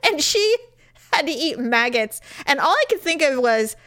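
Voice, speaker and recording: A woman's voice: sits high, big pitch swings, normal speed, fairly bright tone. A woman co-hosting a casual chat show, blunt and profane, acting out the people she quotes. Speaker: podcast co-host.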